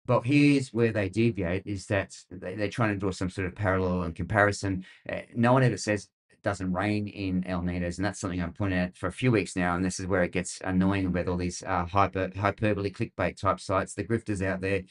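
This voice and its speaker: A man's voice: low-pitched, steady tone, a little fast. A middle-aged Australian man hosting a weather show, rambling and sarcastic with lots of fillers. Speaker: weather podcast host. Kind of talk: casual commentary.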